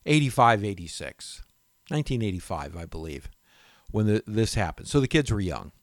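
A man's voice: on the low side, normal speed, no echo. Guy hosting a radio show, rambling story, voice jumps all over, dry close mic. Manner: animated, rambling, self-interrupting storyteller. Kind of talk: casual storytelling monologue.

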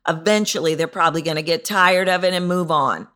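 Host, female, low register, emphatic voice-coach podcast delivery. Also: a little fast, bright, forceful tone. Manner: emphatic, repetitive, demonstrates vocal delivery. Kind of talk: solo podcast teaching.

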